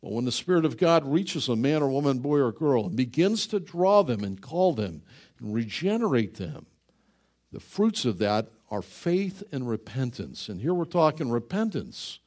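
A man's voice: medium pitch, sing-song, moderate pace, a little mellow. A man preaching a sermon in a conversational way, often asking the congregation questions and repeating words for emphasis. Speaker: pastor.

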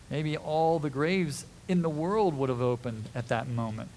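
A man preaching a sermon, his voice a little higher than most. He tells the story dramatically, dropping to a near hush and then rising to loud calls. A faint noise sits behind him. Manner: dramatic preaching, swings from hushed to shouting. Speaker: pastor.

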